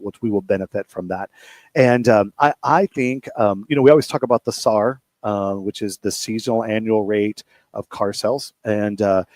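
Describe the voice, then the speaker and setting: A man's voice: on the low side, a little mellow, no echo. A man with an Ohio accent co-hosting a radio show, talking casually with frequent fillers. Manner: chatty, many fillers and restarts.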